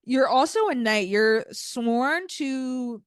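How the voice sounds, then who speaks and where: A woman's voice: high-pitched, expressive, slow pace, smooth, no echo, studio quality. A young woman co-hosting a casual chat show, recapping a TV episode bluntly and with exasperation, with heavy fillers. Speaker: podcast co-host.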